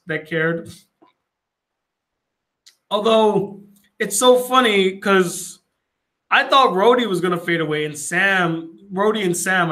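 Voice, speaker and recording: A young man, a film critic, casually recapping a movie scene by scene and acting out the characters' lines. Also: sits high. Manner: animated retelling with acted-out quotes.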